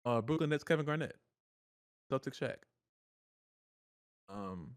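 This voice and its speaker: A man's voice: mid-range voice, lively intonation, unhurried, smooth, dry recording, clean studio sound. A man co-hosting a podcast in loose, joking casual chat, swearing freely. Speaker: podcast co-host.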